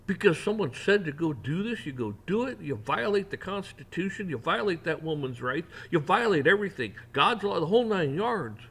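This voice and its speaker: A man delivering a heated opinion rant, mocking officials in sarcastic put-on voices and building up to near shouting. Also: on the high side, very animated, fairly quick, hardly any pauses, slightly rough. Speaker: rant channel host.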